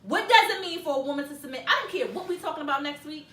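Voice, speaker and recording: A woman hosting a casual talk show, animated and laughing, acting out phone greetings. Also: sits high, rapid-fire. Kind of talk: casual panel chat. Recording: roomy, distant mic, faint noise.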